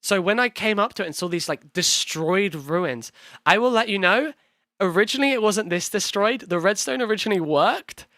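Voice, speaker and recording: Lively London streamer, near Cockney accent. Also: medium pitch, normal speed, dry recording, studio quality. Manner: rambling, swears often, laughs easily. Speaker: streamer and actor in the series. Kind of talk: casual reaction stream.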